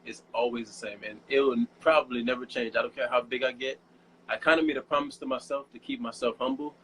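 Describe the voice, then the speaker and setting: A young man being interviewed as a guest model, telling stories in a casual, animated way and laughing often. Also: medium pitch, fast, slight background noise, low-quality recording. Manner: giddy, laughing, animated storytelling.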